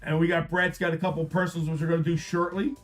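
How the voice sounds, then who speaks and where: A man hosting a live card-break stream, repeating prices and hyping the product in an upbeat sales pitch. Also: level tone, quick pace, faint music behind. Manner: upbeat, repetitive hype.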